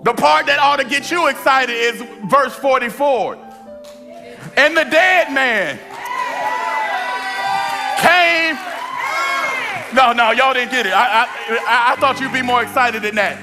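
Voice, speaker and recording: A man preaching an energetic sermon at a church service. He shouts, stretches his words for emphasis and speaks straight to the congregation. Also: very high voice, takes it slowly, long pauses, over music, a crowd in the background. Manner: addresses the congregation directly. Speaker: pastor.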